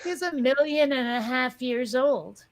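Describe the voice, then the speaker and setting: A woman chats on a video call, her voice a little high. She speaks slowly and makes dry, teasing remarks. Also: animated. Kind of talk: casual chat.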